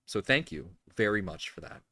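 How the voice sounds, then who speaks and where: A man's voice: fairly low pitch, expressive, normal speed, sharp tone, no room sound. A man hosting a casual live stream from a home workshop, talking in a rambling way with lots of fillers and restarts. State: tearful at times. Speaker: live-stream host building a 3D printer.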